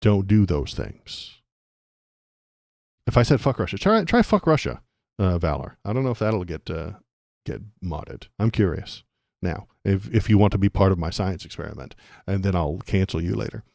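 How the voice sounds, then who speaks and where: Deep-voiced ranting man livestreamer. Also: animated, normal speed, creaky, a little mellow, no room sound, studio quality. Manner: ranty, sarcastic, laughs often, talks to chat. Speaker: political livestream host.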